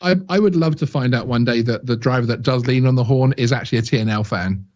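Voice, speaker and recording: A man's voice: medium pitch, fast talker, darkish tone, highs cut off. A man with a British accent joining by remote call, bantering playfully and chuckling. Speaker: guest co-host. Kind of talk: casual chat.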